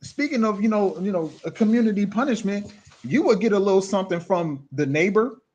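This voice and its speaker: A male host talks through viewer comments in an animated, casual way. His voice sits fairly high for a man. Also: brisk, dull audio. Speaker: show host.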